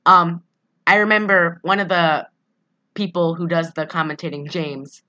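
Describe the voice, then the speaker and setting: A young woman with a bright, forceful voice pitched a little low, chatting loosely on a podcast. She recaps a movie and rambles with plenty of fillers and asides. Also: fairly even intonation, measured pace, highs cut off. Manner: rambling, full of "um" and "like", laughing asides. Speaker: podcast co-host. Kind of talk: casual chat recapping a movie.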